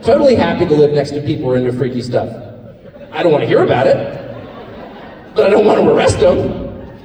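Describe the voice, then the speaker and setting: A middle-aged American man giving a live speech at an event, speaking in a sarcastic, mocking, animated way. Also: fairly high pitch, fast talker, a faint crowd, slight background noise. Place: large hall with live audience. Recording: echoey hall recorded from far off in audience.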